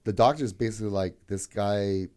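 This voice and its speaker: A man's voice: lowish voice, normal speed, a little mellow. A young man co-hosting a podcast, chatting loosely and telling a story with lots of "like". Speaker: podcast co-host. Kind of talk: casual storytelling chat.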